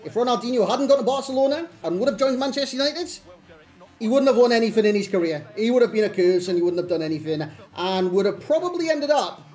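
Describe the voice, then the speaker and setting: A man's voice: very high-pitched, animated, fast, a little mellow. A man, commentating his own video game match in exasperated, self-mocking rants. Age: 30s. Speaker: gaming YouTuber. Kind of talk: live gameplay commentary.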